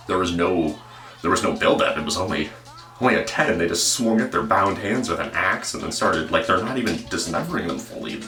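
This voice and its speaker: Deep-voiced rambling male commentator. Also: sharp tone, recorded from a distance. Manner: meandering, profane, self-interrupting. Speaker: true-crime commentary host. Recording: echoey room, voice off-mic.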